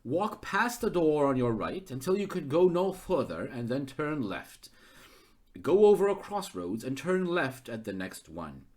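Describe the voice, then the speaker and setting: A man voicing a gruff, impatient male maze master who gives terse directions in a game narration. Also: on the high side, very animated, measured pace, a little mellow. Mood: instructing. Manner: curt, giving terse directions.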